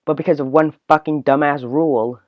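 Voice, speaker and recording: A man's voice: a little high, fairly even intonation, fairly quick, no echo. A man hosting a solo podcast, ranting in a rambling way full of filler words. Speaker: podcast host. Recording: dull, dry, lo-fi recording.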